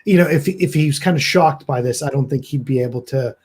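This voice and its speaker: A man's voice: mid-range voice, fairly quick, slightly rough. A man playing a tabletop horror game, describing his character's actions in a hesitant way, with lots of ums and you-knows. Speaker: player.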